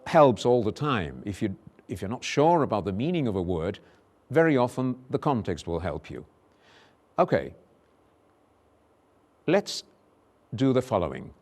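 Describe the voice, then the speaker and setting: A man teaching English pronunciation in a recorded lesson, slowly repeating example words with careful articulation. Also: medium pitch, darkish tone.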